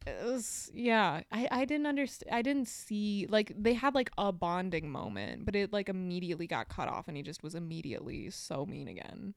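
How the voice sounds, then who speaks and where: Young woman podcast co-host, animated and chatty, close dry mic, lively pitch. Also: moderate pace, creaky, few pauses, no echo. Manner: animated, chatty, many fillers and restarts. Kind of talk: casual chat.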